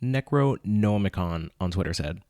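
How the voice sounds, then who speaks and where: A man's voice: sits low, expressive, normal speed, darkish tone, dry recording, clean studio sound, soft background music. A young man hosting a podcast, reading tweets aloud and ranting about them in an incredulous, casual way, sometimes putting on mock voices. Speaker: podcast host.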